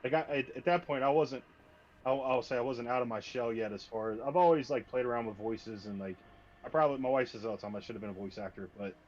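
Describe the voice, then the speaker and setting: A man's voice: mid-range voice, quick pace, a little mellow. A man who runs tabletop games, chatting casually and telling stories with frequent restarts and cursing for emphasis. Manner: storytelling, swears for emphasis, self-interrupting. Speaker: game master and host. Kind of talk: casual chat. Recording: slightly muffled lo-fi stream audio.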